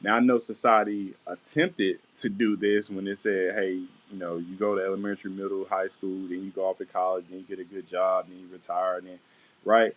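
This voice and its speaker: A man's voice: low-pitched, level tone, a little fast, poor audio. A middle-aged man, talking through marriage advice in a loose, conversational way and often checking in with "right?". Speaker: vlog host. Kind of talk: casual advice talk.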